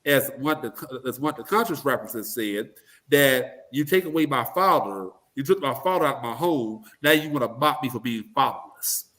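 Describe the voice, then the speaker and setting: A man giving blunt, animated opinions as an interview guest, breaking into mocking voices to make his points. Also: medium pitch, moderate pace. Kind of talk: casual political commentary.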